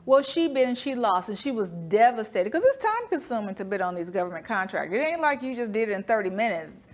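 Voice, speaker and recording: A woman guest in a business interview, telling lively stories and acting out the dialogue. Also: a little high, fast, few pauses. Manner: animated storyteller, acts out dialogue, laughs often. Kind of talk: storytelling interview talk. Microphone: studio microphone.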